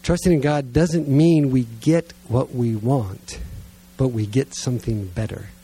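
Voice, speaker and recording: A middle-aged man preaching to a gathered congregation, telling a self-mocking family story in a lively way and then praying quietly and earnestly. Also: medium pitch, measured pace, slightly rough. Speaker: pastor. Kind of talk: sermon storytelling and prayer. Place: church gathering with listeners present.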